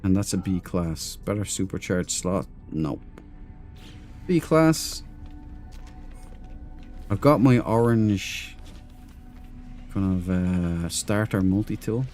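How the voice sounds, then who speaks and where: A man's voice: low-pitched, expressive, takes it slowly, long pauses, a little mellow, soft background music. An Irish man streaming a space game, chatting casually to his viewers as he plays. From Ireland. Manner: chatty and rambling, talks to chat and in-game crew. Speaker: gaming streamer. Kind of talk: casual commentary over gameplay.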